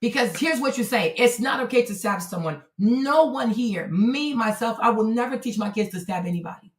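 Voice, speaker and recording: A woman hosts a live stream in a blunt, profane, lecturing way, talking straight to a viewer in her chat. Her voice sits high, and the room around her rings with echo. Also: lively intonation, moderate pace. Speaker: livestream host.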